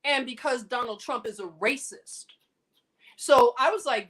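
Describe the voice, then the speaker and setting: A woman hosts a livestream and tells a story in a casual, animated way. Her voice is high, and her delivery is emphatic, with bursts of indignation. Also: a little slow. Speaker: livestream host.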